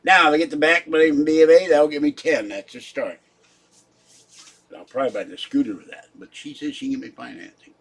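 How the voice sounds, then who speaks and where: A man's voice: fairly high pitch, a little fast, gravelly, a bit bright, slightly rough. A man chatting casually on his own livestream, rambling and muttering asides to his chat. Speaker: YouTube livestreamer.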